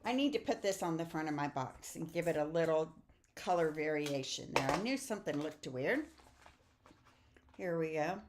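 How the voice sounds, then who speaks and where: A woman's voice: low-pitched, expressive, moderate pace, noisy background. A middle-aged woman teaching a papercraft project, chatty and upbeat as she talks viewers through each step. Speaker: stamping and papercraft instructor. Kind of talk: casual craft tutorial.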